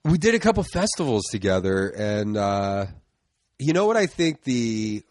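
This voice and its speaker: A man's voice: fairly low pitch, sing-song, normal speed, darkish tone, no room sound, studio quality. A middle-aged man, a comedian guest, talking in casual chat, laid-back and trailing off into fillers, with some swearing. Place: indoor studio room.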